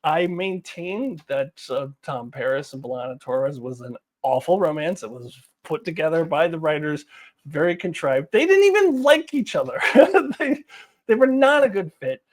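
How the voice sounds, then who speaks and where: A woman talks straight to the camera in a casual review. She is animated and exasperated, and her laughter keeps breaking through as she argues her points. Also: low-pitched, moderate pace.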